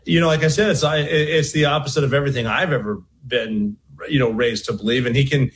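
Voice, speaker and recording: Man, veteran, earnest, halting speech, interview clip. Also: medium pitch. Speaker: military veteran guest.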